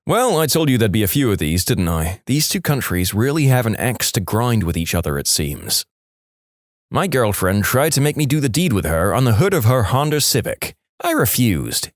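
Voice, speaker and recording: A man narrating jokes on a podcast in a wry, animated storytelling manner. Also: medium pitch, fairly quick, no echo, clean studio sound. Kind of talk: reading jokes aloud.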